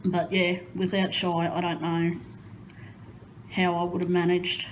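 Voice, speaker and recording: A woman's voice: lowish voice, completely flat delivery, a little slow, a little hiss or hum, poor audio. A woman chatting casually while crafting at home, rambling and hesitant with many ums. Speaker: crafting vlogger.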